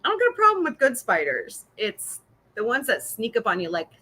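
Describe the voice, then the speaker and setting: A middle-aged woman hosts a loose, casual livestream chat, jumping between topics and laughing often. Her voice sounds bright, and she answers viewers' comments as she goes. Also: a little high, wildly swooping pitch, brisk, slightly rough. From Missouri. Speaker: podcast host.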